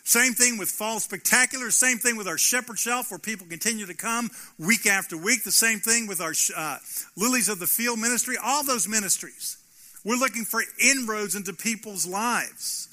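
Man, pastor, high bright tone, preaching with repeated lines and questions to the congregation. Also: moderate pace. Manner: preaching with rhetorical questions and emphatic repetition. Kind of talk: sermon.

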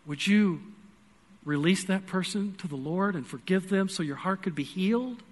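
A man preaching a sermon in a church, telling a personal story earnestly, swinging between loud pleading and hushed, quiet moments. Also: sits high, normal speed.

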